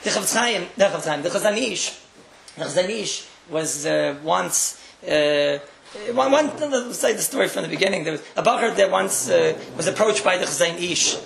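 Male rabbi, religious talk; gravelly, wry storyteller who repeats for effect; room echo. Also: high-pitched, lively intonation, normal speed, crowd noise. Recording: roomy echo.

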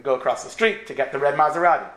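A man's voice: a little high, fast talker. A man with an American accent telling a story to students, acting out the characters. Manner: animated, acts out characters. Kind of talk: storytelling talk.

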